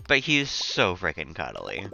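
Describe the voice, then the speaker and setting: Deep, bright-toned male streamer chatting. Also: gravelly, dull audio, slight background noise. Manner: relaxed, rambling, chuckles often. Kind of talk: casual gameplay chat.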